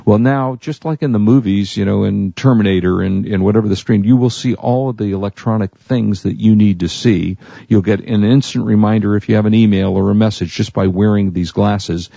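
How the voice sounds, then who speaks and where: A male tech radio host with a low, gravelly voice who chats in a loose, rambling way. The sound is dry and a little dull. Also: fairly even intonation, a little fast, warm tone, dry recording. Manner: rambling, self-correcting, chatty. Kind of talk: casual tech radio talk.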